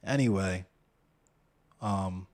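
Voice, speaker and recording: A man's voice: low voice, extremely slow, darkish tone. Blunt, profane male streamer ranting. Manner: profane, blunt, addresses chat and viewers directly; argumentative, rhetorical questions. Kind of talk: heated live-stream commentary.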